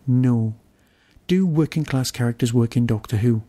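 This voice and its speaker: A man from Britain hosts his own podcast, reviewing an episode alone. He muses aloud, wry and a little grumpy at himself. His voice sits at an ordinary middle pitch. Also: moderate pace, dark tone. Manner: wry, musing, self-deprecating grumbling. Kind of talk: solo review monologue.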